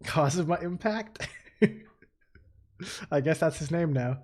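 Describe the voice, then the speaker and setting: Excitable swearing man playing a game. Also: a little high, slow pace. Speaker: streamer. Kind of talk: let's play commentary.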